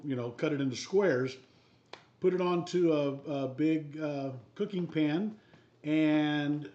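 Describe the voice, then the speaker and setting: Man with a dark, relaxed voice. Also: fairly high pitch. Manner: relaxed, rambling explanation with many fillers. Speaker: guest on homebrew livestream. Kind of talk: casual chat. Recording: dull, echoey room audio.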